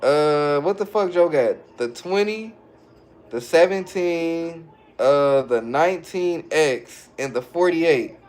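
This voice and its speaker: A man streaming live and answering his viewers' chat in a relaxed, slangy way, often breaking into chuckles. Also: on the high side. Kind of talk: casual livestream chat.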